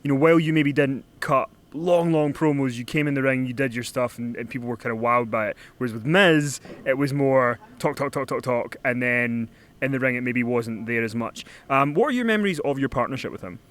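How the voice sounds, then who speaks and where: A man's voice: medium pitch, fairly quick, a bit bright. A man hosting a casual interview, chatty and self-deprecating. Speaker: interview host.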